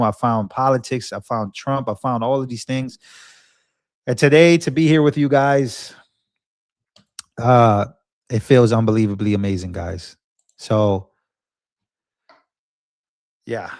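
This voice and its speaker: An earnest young man hosts a live stream, rambling and circling back over his own words. His voice sits at an ordinary pitch for a man. The sound is close and dry, with no room around it. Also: dry recording. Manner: earnest, rambling, repeats himself. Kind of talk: emotional live-stream talk.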